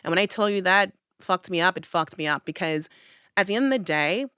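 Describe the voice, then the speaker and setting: A woman's voice: on the low side, animated, fairly quick, pushed and bright, smooth, no room sound, studio quality. A young woman on a podcast, chatting casually and telling a personal story, acting out her own past lines with animation. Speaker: podcast host. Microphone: studio podcast mic.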